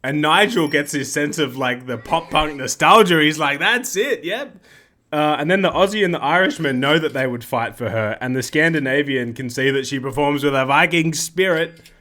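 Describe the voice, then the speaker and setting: A man's voice: a little high, moderate pace, bright, forceful tone. A man hosting casual game commentary, rambling and joking and often interrupting himself. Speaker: gaming video host.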